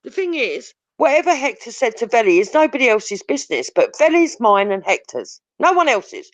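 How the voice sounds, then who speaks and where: A woman's voice: fairly high pitch, sing-song, normal speed, dry recording. A woman ranting bluntly and confrontationally, swearing heavily as a live-stream talk host. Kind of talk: heated profane rant. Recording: dull lo-fi audio.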